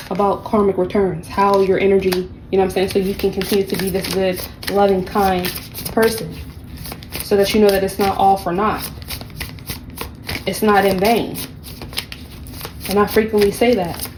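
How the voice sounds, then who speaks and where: A woman's voice: mid-range voice, a little mellow, a little hiss or hum, poor audio. A woman giving a casual tarot reading, blunt and profane, with sassy, mocking asides. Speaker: tarot reader.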